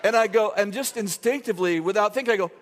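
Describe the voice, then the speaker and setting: A middle-aged male pastor tells a story from the pulpit, his voice sitting fairly high for a man. He wanders through the tale, stopping and restarting sentences and laughing along the way. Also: fast talker, fairly bright tone, a little hiss or hum. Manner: rambling, self-interrupting, laughing through a funny story. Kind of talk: sermon storytelling. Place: church sanctuary.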